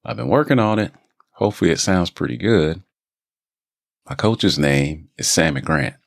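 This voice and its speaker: A man's voice: sits low, lively intonation, moderate pace, gravelly, no room sound, clean studio sound, pitched above the performer's own voice, heavily acted. A man, a podcast host and voice actor, speaking in a put-on Georgia Southern accent, chatty and rambling. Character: himself, an adult man with a Georgia drawl.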